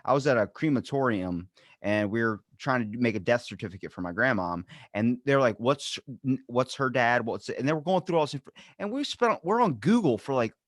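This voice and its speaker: Animated man hosting a podcast. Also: mid-range voice, a little fast, dry recording, studio quality. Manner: animated storyteller, acts out exchanges loudly. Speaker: podcast host. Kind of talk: casual chat.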